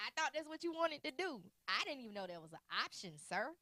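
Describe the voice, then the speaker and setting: A woman hosting a casual talk show, telling a lively story and acting out the exchanges she quotes. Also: sits high, quick pace, no room sound, clean studio sound. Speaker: host. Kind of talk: casual chat.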